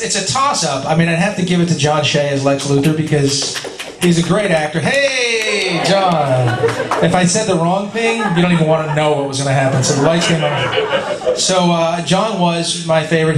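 A man in his forties from California, telling stories at a convention panel in a chatty, self-deprecating way and laughing often. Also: fairly high pitch. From California, USA. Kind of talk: casual Q&A storytelling. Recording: echoey convention hall with crowd.

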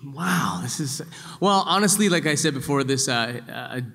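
A man's voice: mid-range voice, expressive, normal speed, a little hiss or hum. A man, a voice actor, chatting casually on a convention panel and answering fan questions, laughing easily. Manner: chatty, laughs often, breaks into loud yelled voices when telling stories. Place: large convention hall. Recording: echoey convention hall.

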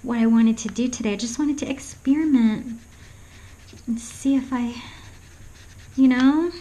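A fairly high-pitched woman with a dark tone speaks a little slowly over a rough recording. She's an art vlogger showing how to paint, chatting casually and hesitantly with many ums, often whispering and laughing at her own jokes.

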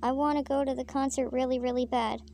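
A woman's voice: high-pitched, steady tone, quick pace, mellow, slight background noise. A woman voicing a whiny, rebellious teenage girl in a comic story reading. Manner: whiny, pleading.

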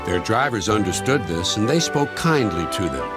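A man narrating a storybook in an expressive, storytelling manner. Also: fairly low pitch, normal speed, few pauses. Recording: music playing loudly behind.

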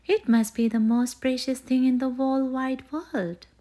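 A woman voicing an eager little female bear cub in a bedtime storybook, high and squealing with wonder. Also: animated, unhurried, warm tone. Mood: excited.

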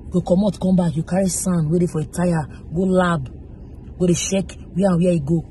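Mellow scolding Nigerian Pidgin woman. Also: on the low side, fast, a little hiss or hum, rough recording. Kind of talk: casual monologue.

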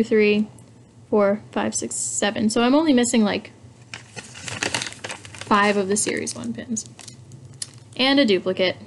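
Excitable young woman unboxing pins. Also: mid-range voice. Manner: excitable, chatty, thinking aloud. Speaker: hobby vlogger. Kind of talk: casual unboxing chat.

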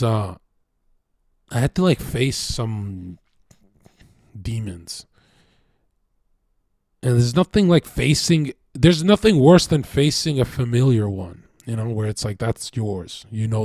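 A young man from Canada, a streamer, talking in a rambling, profane casual monologue that swings between loud bursts and low mutters. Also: no echo, studio quality.

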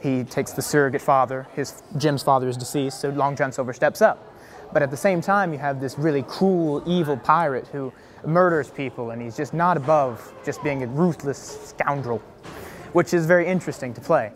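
Teen boy, youth theater actor, upbeat and chatty, a bit high-pitched. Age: teens. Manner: eager, articulate, quick talker with fillers. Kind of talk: interview answers.

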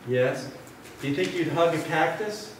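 A man leading a children's message at a church service, speaking gently and playfully to a young child and telling a story. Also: fairly high pitch, expressive, measured pace, recorded from a distance, a little hiss or hum. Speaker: pastor. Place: church sanctuary. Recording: echoey sanctuary, mic from afar.

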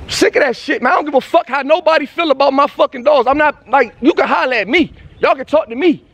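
A furious man ranting, high-pitched and shouting. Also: quick pace, creaky, a little hiss or hum. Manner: profane, heated, often shouting. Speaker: vlogger. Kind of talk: angry rant to camera.

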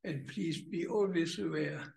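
Older German man, slow gravelly speech. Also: a little high, darkish tone, roomy sound, low-quality recording. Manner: halting, searching for English words. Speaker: guest speaker. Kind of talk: conference welcome speech. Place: conference villa hall.

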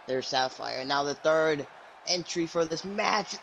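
A man hosting and calling play-by-play for a match, jokey and excitable, breaking into high yelps when surprised. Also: unhurried, vocal fry, a little hiss or hum, poor audio. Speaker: host and commentator.

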